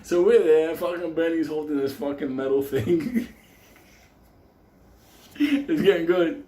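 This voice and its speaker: A man's voice: measured pace, roomy sound. A man telling a wild story in a comic, profane way, swearing constantly and laughing as he talks. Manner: shouts acted quotes in a high voice.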